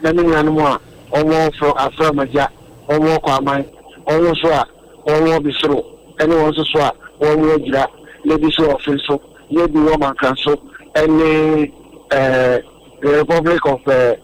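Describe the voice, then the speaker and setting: A man's voice: a little high, little pitch movement, moderate pace, a little hiss or hum, poor audio. A man explaining a topic earnestly on a radio discussion, often repeating words as he goes.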